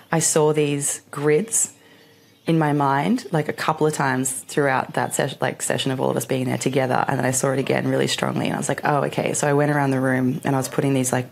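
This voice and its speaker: A woman's voice: a bass voice, gravelly. A woman hosting her own podcast, telling a personal story in a chatty way, full of fillers and acted-out reactions. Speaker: podcast host. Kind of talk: casual solo podcast storytelling.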